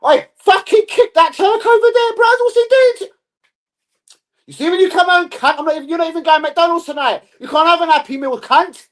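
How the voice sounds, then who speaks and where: A man's voice: extremely high pitch, a little fast, voice pushed up. A man doing a furious bellowing football dad. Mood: raging. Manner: shouting profanity.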